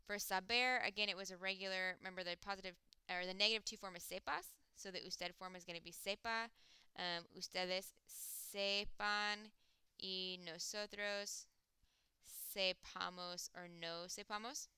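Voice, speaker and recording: A woman teaching a recorded Spanish grammar lesson, explaining step by step and slowing down to spell out example words. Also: mid-range voice, steady tone, bright, forceful tone, smooth, dry recording.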